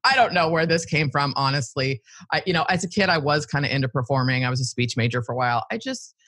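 Animated woman guest, lowish slightly husky voice, casual and quick-witted. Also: no echo. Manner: animated, laughs often, quick asides. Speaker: podcast guest. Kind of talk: casual interview chat.

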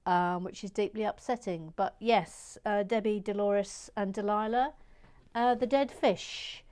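A woman hosting a relaxed building stream, chatting softly and playfully while reading out viewer comments, often dropping to a murmur or whisper. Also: medium pitch, measured pace. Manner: soft-spoken, drifting between murmurs and whispers, gently playful. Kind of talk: casual chat while building.

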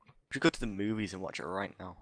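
A man in casual gaming voice chat, joking in a deadpan, mock-formal way. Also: low voice, fast. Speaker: player.

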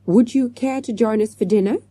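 A woman's voice: fairly high pitch, fairly quick, dark tone, slightly rough, no room sound, voice pushed up. A woman voicing a jolly, polite male schoolteacher, hearty in manner, in a storybook reading.

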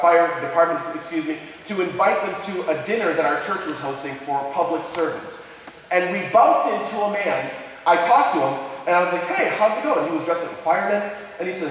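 High-voiced preacher in an echoey hall. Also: male voice, slight background noise. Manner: storytelling, asks the audience questions, acts out quoted people. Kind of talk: sermon with personal stories. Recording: distant mic in an echoey hall.

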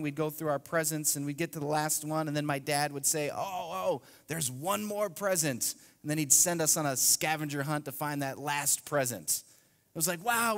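A man in his thirties preaching a sermon in an animated, emphatic way with playful asides. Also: fairly high pitch. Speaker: pastor. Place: church sanctuary. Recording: long reverb of a large church hall.

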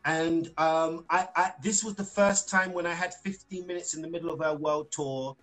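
A chatty man with a high, bright voice tells stories over a video call, laughing often and doubling back on his phrases. Faint music sits behind him. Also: fairly even intonation, moderate pace, rough recording. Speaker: singer, interview guest. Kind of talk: casual interview over a live stream.

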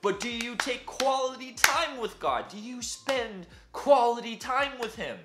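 A man's voice: very high voice, animated, measured pace, reverberant, loud music behind the voice, pitched above the performer's own voice. A man voicing a pushy middle-aged churchgoing woman who lectures insistently about faith. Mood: preachy. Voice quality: preachy, insistent.

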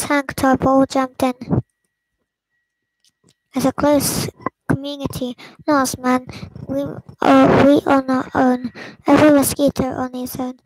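A woman's voice: high voice, darkish tone, no room sound, rough recording. A woman host casually reading a film script aloud, stumbling and restarting, sometimes dropping to a whisper. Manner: stumbling read-through with restarts and whispered asides. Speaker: channel host.

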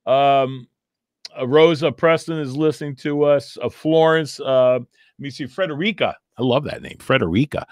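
A man's voice: medium pitch, steady tone, moderate pace, a little mellow, clean tone, no echo. A male comedian hosts a live podcast in loose, rambling chat, full of jokes, fillers and restarts. His voice sits in a middle range and sounds dry and close. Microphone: remote call line.

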